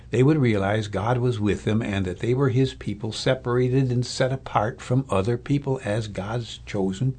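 Man, pastor, sermon, husky, conversational, thoughtful, mid-pitched. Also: darkish tone. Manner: conversational, thoughtful with fillers and restarts. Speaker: Lutheran pastor or Bible teacher.

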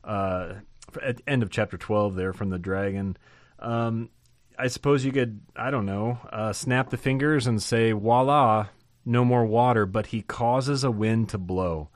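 Lively lower-voiced male Bible teacher. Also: a little slow, dry recording, studio quality. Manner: animated, asks rhetorical questions and answers them; repeats words for emphasis. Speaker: podcast host and theology professor.

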